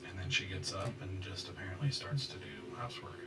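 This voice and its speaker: A man narrating a scene as game master, halting and full of fillers. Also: deep voice, sing-song, distant mic, heavy background noise.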